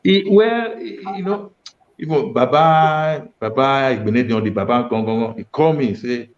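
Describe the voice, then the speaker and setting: A man from Edo State with a Nigerian accent, chatting as an interview guest, telling stories and quoting others in a lively way. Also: medium pitch, measured pace, muffled recording. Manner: lively storytelling, quotes others, chuckles. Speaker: guest, former state information officer. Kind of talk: interview chat in Pidgin.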